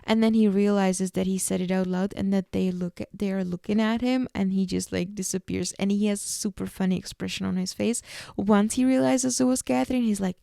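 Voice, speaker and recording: Female podcast host, casual chatty recapper, warm low-lit tone, dry booth. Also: steady tone, fairly quick, creaky, dry recording. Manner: chatty, peppered with fillers.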